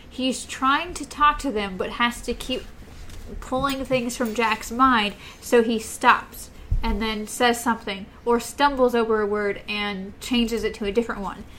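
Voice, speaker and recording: A woman with a slightly high voice walks through a book's plot in relaxed conversation, slipping in quoted lines from the characters. A faint noise sits under the recording. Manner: recaps the plot, quoting characters. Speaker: podcast co-host. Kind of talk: casual book discussion.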